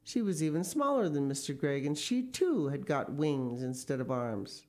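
A woman's voice: low voice, lively intonation, moderate pace, darkish tone. A woman reading a children's story aloud expressively, with casual asides. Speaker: story reader.

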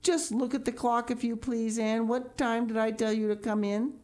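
Lady putting on a strict old farm woman, brisk and scolding, dry. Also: on the high side, steady tone, darkish tone, voice pushed up, lightly acted. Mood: impatient. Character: stern, practical older woman guardian.

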